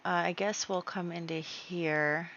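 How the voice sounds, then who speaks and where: A woman's voice: fairly low pitch, steady tone, fairly bright tone, slight background noise. A woman casually narrating her gameplay story, chatty and full of fillers. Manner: chatty, storytelling with many fillers and quick acted quotes. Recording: dull, lo-fi home mic.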